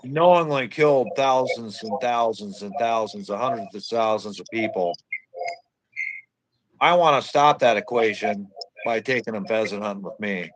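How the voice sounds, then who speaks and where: A man's voice: on the low side, moderate pace, rough recording. A man from Iowa hosting a casual podcast chat, blunt and crude while agreeing readily with his co-host. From Iowa, USA.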